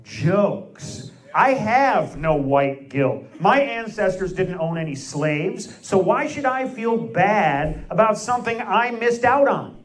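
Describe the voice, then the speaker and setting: A man's voice: high-pitched, lively intonation, takes it slowly, far from the mic. A man doing stand-up comedy with blunt, teasing crowd work on a club stage. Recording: roomy club sound, faint noise.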